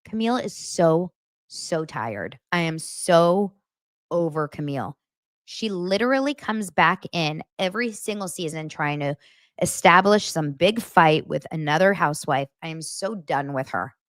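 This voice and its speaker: This podcast host recaps reality TV on a casual gossip show, her low voice moving at a measured pace. The recording is dry and studio quality. She's animated and blunt, swears freely, and performs quotes in different voices.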